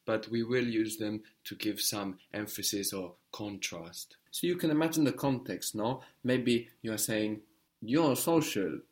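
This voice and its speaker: Man, patient tutor, leads a student through drills with calm encouragement. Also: fairly low pitch. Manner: patient, encouraging, step-by-step prompting. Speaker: language teacher. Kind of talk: guided language lesson.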